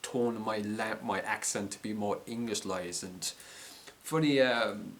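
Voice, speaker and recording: A low-voiced Irish man thinking out loud in a loose, unscripted monologue. He stalls on fillers and restarts words, drifting from point to point as he talks. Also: measured pace. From Ireland. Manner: rambling, hesitant, full of ums and restarts. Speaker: vlogger. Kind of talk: casual monologue.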